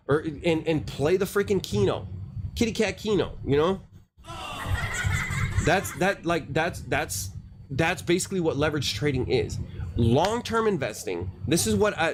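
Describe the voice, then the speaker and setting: Rambling, profane livestream host, noisy room. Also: male voice, a little high. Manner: rambling, profane, restarts often, addresses viewers as dude and bro. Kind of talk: casual livestream rant.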